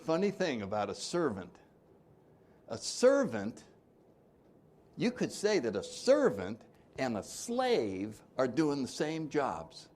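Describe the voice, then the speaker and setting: A man's voice: mid-range voice, huge pitch swings, takes it slowly, darkish tone. A man leading a twelve-step recovery workshop, joking with the room and acting out the people he quotes. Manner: jokey, acts out quoted voices, laughs often.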